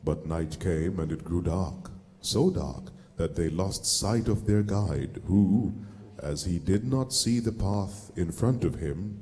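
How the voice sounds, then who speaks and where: A man narrating a play as a storyteller, steady with occasional fillers. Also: low voice, takes it slowly, hardly any pauses, husky, in a large hall.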